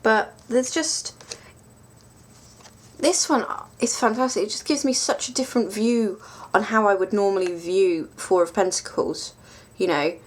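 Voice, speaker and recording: A woman's voice: mid-range voice, a little slow. A woman chatting casually through a tarot deck review, rambling and self-mocking with lots of ums.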